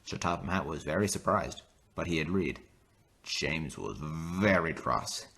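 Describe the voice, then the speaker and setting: A man narrating a toy train story in an expressive storybook reading. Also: extremely low pitch, a little slow, creaky, breathy edge.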